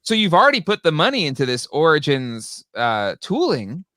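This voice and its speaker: In a casual chat, a podcast co-host speaks at a normal speed with a bright, forceful voice whose pitch swings widely and jumps high when he gets exasperated. He's animated and reads listener comments along the way. The recording is dry, with no room sound.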